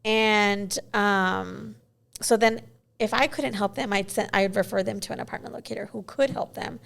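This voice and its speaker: A woman's voice: mid-range voice, steady tone, moderate pace, creaky, fairly bright tone. A woman in her forties, a guest in a casual interview, telling stories in a chatty way with many "you know"s.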